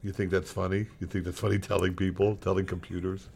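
A man's voice: deep voice, little pitch movement, fast, gravelly, a little mellow, a little hiss or hum. A man hosting a radio show, trading casual banter with his co-host in a dry, teasing, mock-offended way.

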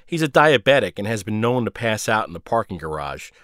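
A man's voice: on the low side, big pitch swings, fairly quick, a bit bright, no echo, clean studio sound. A man narrating a first-person story in a sardonic, biting way.

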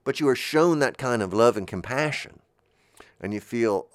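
A man hosting a show, talking in a gentle, meandering monologue and often searching for his words. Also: mid-range voice, expressive, moderate pace, no echo. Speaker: host.

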